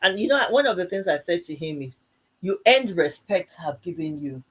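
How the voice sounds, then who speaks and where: A woman co-hosting a live church talk show, telling stories in a casual and animated way, laughing often and acting out both sides of each exchange. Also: fairly low pitch, moderate pace, breathy edge. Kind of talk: casual conversational storytelling.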